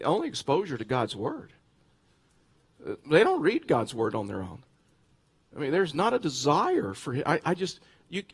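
Animated pastor preaching a sermon. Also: male voice, a little high, breathy edge. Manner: animated storytelling with bursts of laughter; repeats words and restarts phrases.

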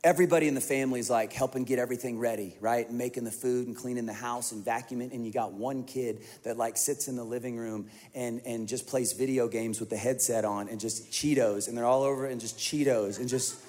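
A man preaching a sermon to a large congregation, telling stories in an animated way that swings from hushed to emphatic. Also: medium pitch, fairly quick, hardly any pauses. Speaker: pastor. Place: large church auditorium. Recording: long reverb of a large hall.

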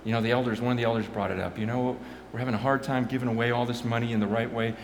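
A pastor telling animated stories, swinging from quiet asides to loud bursts and repeating his words as he goes. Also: medium pitch, racing, roomy sound, slight background noise. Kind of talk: animated storytelling talk.

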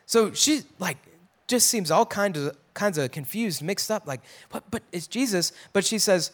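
High-voiced man teaching scripture casually. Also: lively intonation, normal speed. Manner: conversational, acts out quotes in a raised voice, drops to a hush for emphasis.

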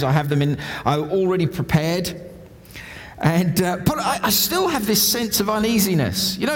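Animated male preacher in a reverberant hall. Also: a little high. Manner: conversational, self-deprecating, animated storytelling. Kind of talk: sermon with humorous anecdotes.

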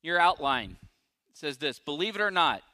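A male pastor preaching a sermon, emphatic and dramatic, swinging from loud declarations to hushed asides. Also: on the high side, sing-song, moderate pace, no echo, clean studio sound.

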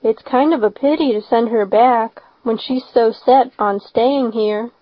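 A shy, gentle old farmer who talks slowly and hesitantly, as a woman reading a storybook puts him on. The voice is dry and close, with a slightly dull lo-fi tone. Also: a little high, no echo. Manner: slow, halting, reluctant.

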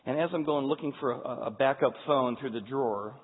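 Man in his 40s, husky voice, candid storyteller sharing a faith story with a crowd, tinny audio with long hall reverb. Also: mid-range voice, brisk. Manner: earnest and candid, with frequent restarts. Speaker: speaker addressing an audience. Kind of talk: personal storytelling talk. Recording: tinny, echoey hall sound.

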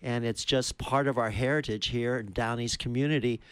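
A man with a smooth, resonant voice recorded dry and close makes an earnest pledge drive appeal. He repeats the phone number and encourages listeners to call. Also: medium pitch, steady tone, moderate pace, no echo. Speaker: radio fundraising host.

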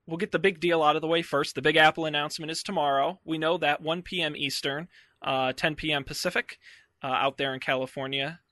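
A man's voice: a little high, bright, forceful tone, no room sound. A man hosting a casual tech podcast, upbeat and jokey, with plenty of ums and uhs. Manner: upbeat, jokey, filler-heavy. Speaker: podcast host.

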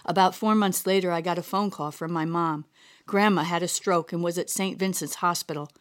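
A woman narrating her own personal story in a gentle, reflective manner. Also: on the low side, steady tone, fairly quick. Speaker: narrator and host. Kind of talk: reading a personal story aloud.

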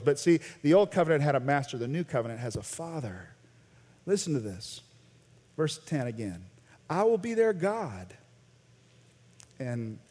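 An American man preaching a sermon as a pastor, animated, swinging between loud emphasis and quiet intensity. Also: high-pitched. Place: large church sanctuary. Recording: long church reverb.

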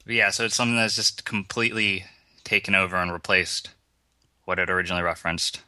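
Male co-host, low and bright, loose rambling chat, dry close mic. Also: steady tone, quick pace, no echo. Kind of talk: casual chat.

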